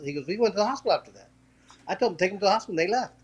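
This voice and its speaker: A man with a high voice tells the story of one of his fights in a casual interview. He talks in quick bursts, tripping over restarts and repeats, and acts out the lines of the people in the story. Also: husky. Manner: acts out quoted voices while telling a story. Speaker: former professional boxer, interview guest.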